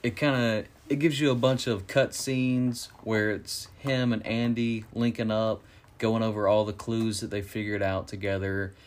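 A man in an easygoing conversation, recounting a film's story with lively energy. He breaks into quick voiced quotes of the characters as he goes. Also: lowish voice. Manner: animated plot retelling with voiced quotes. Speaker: co-host reviewing a movie. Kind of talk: casual chat.

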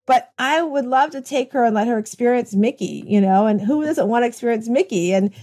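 An American woman hosts a podcast interview, chatting enthusiastically in long, meandering stretches where she often restarts her sentences. Her voice is mellow and on the high side, and she speaks a little fast.

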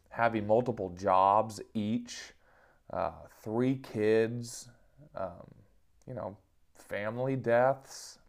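A man in his thirties telling funny personal stories in a casual monologue, self-mocking and chuckling often. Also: medium pitch.

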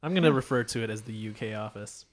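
A man's voice: on the low side, fast talker. A man co-hosting a podcast, chatting casually and laughing often. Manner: laughing, animated. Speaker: podcast co-host. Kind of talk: casual chat.

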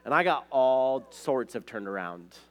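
With a medium-pitched, slightly bright voice, this Montana pastor speaks expressively and without hurry. His sermon is conversational, built on casual stories and peppered with "like" and "right?".

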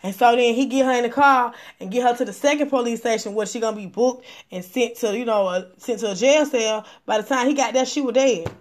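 A woman with a somewhat high voice speaks in a casual livestream. She talks emphatically, stacking repeated phrases as she drives her points home. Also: brisk, hardly any pauses. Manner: emphatic and repetitive, building indignation. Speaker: livestream host.

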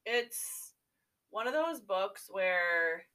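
A woman co-hosting a casual book podcast, agreeable and steady as she explains her views. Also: mid-range voice, extremely slow. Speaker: podcast co-host.

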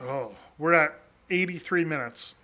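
A man's voice: on the high side, a little slow, over a noisy crowd. A man co-hosting a casual podcast, telling a rambling story full of restarts and laughter. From New England. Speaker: podcast co-host.

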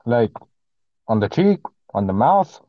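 A young man cutting into a friend's story with loud, teasing remarks in casual chat. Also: medium pitch, sing-song, a little slow, no room sound. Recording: dull, lo-fi mic, a bit distant.

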